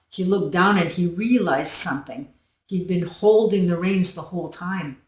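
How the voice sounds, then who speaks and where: A woman hosting her own channel, giving a slow, earnest self-help talk that she drifts into softly. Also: fairly low pitch, distant mic. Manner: slow, earnest, storytelling with soft dips in volume. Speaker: channel host. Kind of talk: reflective self-help monologue. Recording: roomy echo, voice set back from the mic.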